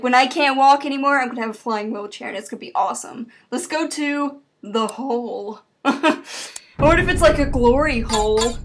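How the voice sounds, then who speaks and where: A high, bright-pitched woman narrates her gameplay in a let's play, cursing freely and breaking into shouts and laughter when things go wrong. Her commentary is loose and excitable, with a faint hiss under the recording. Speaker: gaming channel host.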